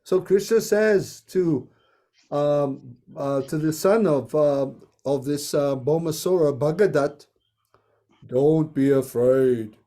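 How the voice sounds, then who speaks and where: A man leads a group through a scripture story, reading slowly with unhurried pauses. His voice sits high yet sounds soft and mellow. He breaks off now and then for playful asides.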